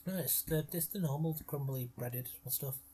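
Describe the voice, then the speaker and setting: A man's voice: fairly high pitch, moderate pace, dark tone, breathy edge. A man co-hosting a casual film commentary, joking around and eating while he talks. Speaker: commentary co-host.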